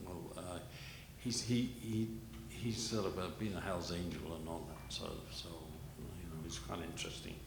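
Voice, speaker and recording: An older man telling a rambling, self-deprecating story at a gallery panel, halting with many restarts. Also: deep voice, fairly even intonation. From England. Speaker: panel guest, illustrator. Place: gallery panel before an audience. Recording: echoey gallery hall, noisy.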